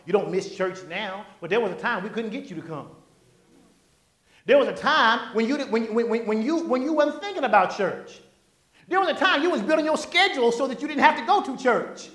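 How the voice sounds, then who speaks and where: A pastor preaching a sermon in a church, animated and folksy, calling out to the congregation. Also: mid-range voice. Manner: animated, call-and-response preaching; folksy, conversational asides. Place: church sanctuary. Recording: echoey church room.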